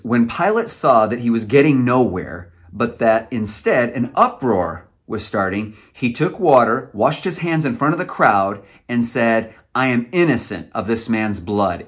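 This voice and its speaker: A man preaching a sermon, earnest and emotional, sometimes stumbling over his words. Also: mid-range voice.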